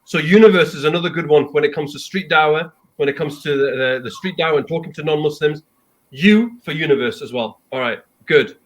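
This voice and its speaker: A man hosting a casual panel chat, prompting guests with quick upbeat affirmations. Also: fairly high pitch. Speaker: host.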